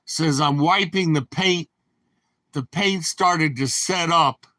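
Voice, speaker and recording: A man's voice: on the high side, slow pace, bright, forceful tone, no room sound. An older man telling rambling, anecdotal stories in his own voice. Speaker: storyteller. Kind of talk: rambling storytelling.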